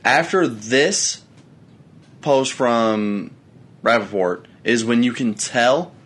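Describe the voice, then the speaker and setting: A man's voice: medium pitch, slow. Regular-sounding guy on a podcast, chill, explaining stuff, a few curse words. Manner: relaxed, explains points, casual swearing. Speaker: podcast co-host. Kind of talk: casual podcast conversation.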